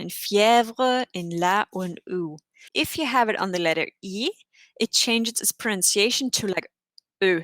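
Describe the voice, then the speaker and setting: A woman's voice: mid-range voice, a bit bright, no echo. A woman teaching French pronunciation in an online class, explaining each rule patiently and spelling words out.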